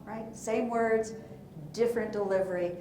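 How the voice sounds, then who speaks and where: A woman giving a lively, playful workshop talk in a conference room, asking the audience questions as she coaches. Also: medium pitch, normal speed, roomy sound, a little hiss or hum. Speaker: presentation coach.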